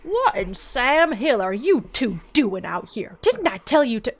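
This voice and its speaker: A woman voicing a gruff, protective older male farmer with a Southern accent. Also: medium pitch, normal speed.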